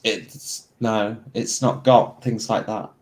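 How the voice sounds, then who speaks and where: A man's voice: lowish voice, fairly even intonation, takes it slowly, darkish tone. A man running a tabletop game as game master, narrating in a loose, rambling way with plenty of fillers.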